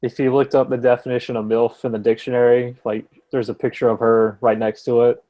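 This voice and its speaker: A man's voice: medium pitch, level tone, fairly quick, muffled recording. A young man on a podcast telling a long, rambling anecdote in casual chat, swearing freely and filling with "like.". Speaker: podcast co-host telling a story.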